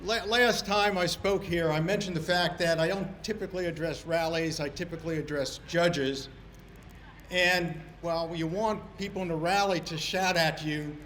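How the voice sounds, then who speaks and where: A man, a lawyer, speaking at an outdoor rally with dry, wry asides before rising into shouted lines. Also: fairly high pitch, a little hiss or hum. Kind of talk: rally speech.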